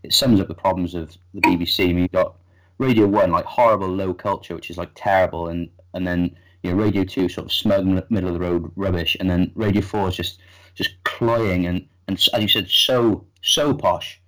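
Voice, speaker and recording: A man's voice: low voice, steady tone, a little fast, rough recording. A man hosting a podcast in casual chat, blunt and opinionated, putting questions to his guest. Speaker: podcast host.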